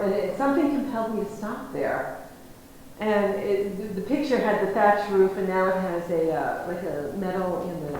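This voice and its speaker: A woman's voice: mid-range voice, darkish tone. A woman from the United States telling a personal story as a guest lecturer, rambling and restarting her sentences. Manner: rambling, self-interrupting, many restarts. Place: lecture hall. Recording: very echoey hall, faint noise.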